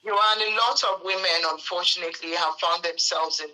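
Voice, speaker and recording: A woman hosting an interview with a fairly low voice and a bright, forceful edge. She keeps affirming her guest and wraps the show up warmly. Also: brisk, poor audio. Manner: affirming, agreeing backchannels. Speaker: host.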